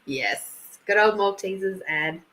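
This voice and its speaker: A woman's voice: mid-range voice, expressive, slow pace, pushed and bright, poor audio. An Australian woman hosting a casual live stream, chatty and laughing often as she thanks viewers by name. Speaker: intuitive reader and live stream host.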